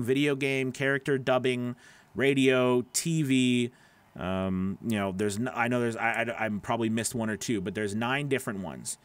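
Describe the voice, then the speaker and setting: Answering viewer comments by name, a man who works as a voice actor hosts an easygoing live stream full of fillers, restarts and rambling. He has a medium-pitched voice on a dry recording.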